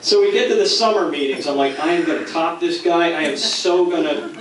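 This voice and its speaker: A man's voice: a little high, brisk. A middle-aged man from Philadelphia telling a self-mocking story at a company dinner, acting out the other voices. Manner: playful, self-mocking, acts out quoted voices. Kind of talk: storytelling speech. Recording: distant, very echoey, noisy room mic.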